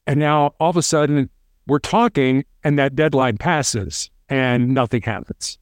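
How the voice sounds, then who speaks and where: A man who is a former SWAT hostage negotiator, talking fast in an interview and often restarting with repeated words. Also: medium pitch, lively intonation, no room sound, clean studio sound. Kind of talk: casual interview storytelling.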